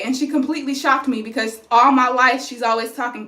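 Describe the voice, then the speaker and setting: A woman's voice: fairly high pitch, normal speed, pushed and bright. A young woman vlogging casually to her phone about her pregnancy, chatty and rambling, tired. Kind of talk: casual chat to camera. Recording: roomy echo.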